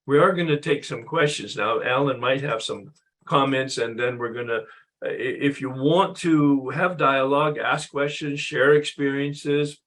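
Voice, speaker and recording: A man's voice: mid-range voice, unhurried, a bit bright. A man leading an online recovery workshop, sharing his own experience in a reflective way before opening the floor for questions. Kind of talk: reflective talk to an online group.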